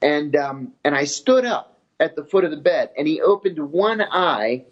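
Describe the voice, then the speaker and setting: A man telling his story in an interview in a steady, matter-of-fact way. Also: a little high, unhurried. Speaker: former intelligence officer telling his story. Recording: dull lo-fi audio.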